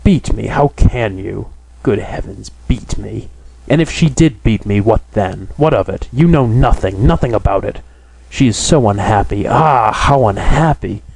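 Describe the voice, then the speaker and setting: A man's voice: on the low side, animated, measured pace, vocal fry, a little mellow, breathy edge, no echo, full character voice, rough recording. A man voicing a timid young woman in an audiobook, lifting his voice a little and speaking in a plaintive, pleading way. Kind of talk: audiobook character reading.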